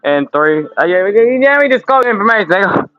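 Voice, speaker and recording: A man's voice: high-pitched, big pitch swings, fairly quick, dry recording, lo-fi sound, faint music behind. A man in his thirties hosting a casual livestream from home, swearing and laughing through loose banter. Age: 30s. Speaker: livestream host. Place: home room with window air conditioner.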